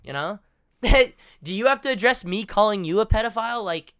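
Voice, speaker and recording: A man streaming his profane reaction commentary, mocking and scornful, quick to laugh. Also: sits high, animated, fairly bright tone, smooth.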